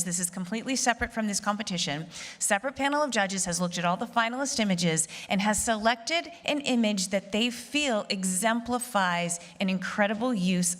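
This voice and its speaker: A woman's voice: mid-range voice, fairly bright tone. A woman hosting a live photography competition broadcast, making conversational, upbeat announcements. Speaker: competition host. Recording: long hall reverb.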